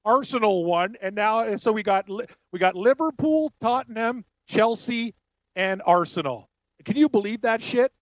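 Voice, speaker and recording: A man co-hosting sports radio, giving brisk score updates and joking banter with frequent laughs. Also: high-pitched, expressive, no room sound, dull audio. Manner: brisk, jokey, laughs often.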